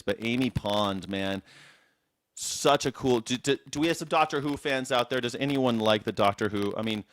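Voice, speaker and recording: A man's voice: medium pitch, dry recording. A man hosting a call-in news reaction show from his seat, chatting playfully and rambling with lots of restarts. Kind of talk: casual live-stream chat. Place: seated indoors.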